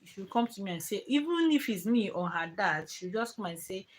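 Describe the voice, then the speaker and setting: A young woman talks casually to her live-stream viewers about parenting. She rambles in loose, restarting sentences full of fillers, and her voice sits at an ordinary middle pitch. Now and then she turns sharp and stern to scold a child. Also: animated, moderate pace, rough recording. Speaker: parenting vlogger.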